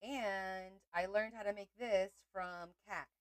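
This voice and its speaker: A woman's voice: medium pitch, steady tone, takes it slowly, clear, resonant tone, dry recording, poor audio. A woman hosting a craft livestream, chatting casually and rambling as she talks to viewers.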